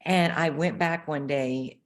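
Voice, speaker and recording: A woman's voice: sits low, takes it slowly. A middle-aged woman co-hosting a podcast, chatting casually and telling candid stories, swearing freely. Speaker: podcast co-host. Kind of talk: casual chat.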